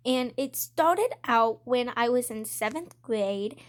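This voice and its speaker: A woman's voice: a little high, lively intonation, slow pace. A woman telling casual storytimes about school over gameplay, chatty and framing each quote with "I'm just like.". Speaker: storytime vlogger.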